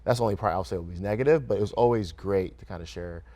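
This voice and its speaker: A young man with a fairly low voice talks easily as a studio interview guest. He laughs often and keeps things casual, dropping "right?" and "kinda" into his sentences. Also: fast talker, mellow. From Grand Rapids, Michigan, USA. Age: young adult. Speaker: guest, restaurant owner. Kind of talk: relaxed interview conversation. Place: radio studio.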